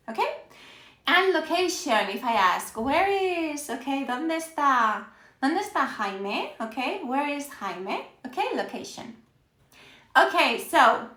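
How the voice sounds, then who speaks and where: A woman's voice: a little high, pushed and bright. A woman from Spain with a Spanish accent, teaching a live-streamed lesson in an upbeat way and checking in with "okay?" after nearly every phrase. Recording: echoey room.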